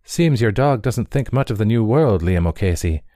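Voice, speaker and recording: A man's voice: lowish voice, expressive, moderate pace, mellow, no room sound, studio quality, voice pushed up, lightly acted. A man playing a jovial, teasing traveller from Cork in a read story. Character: jovial, mocking middle-aged man from Cork.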